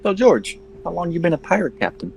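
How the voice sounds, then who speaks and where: A man's voice: fairly high pitch, big pitch swings, brisk, creaky, a little mellow, a little hiss or hum, poor audio. A man speaking in character as a player in a tabletop game, bold and confrontational. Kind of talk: in-character tabletop role-play.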